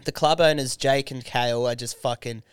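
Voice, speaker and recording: A man co-hosting a podcast, talking in a loose, rambling, sweary way. His voice is smooth and clean, with a middling pitch. The sound is close and dry, with no room behind him. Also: steady tone, a little fast, no room sound. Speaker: podcast co-host. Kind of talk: casual chat.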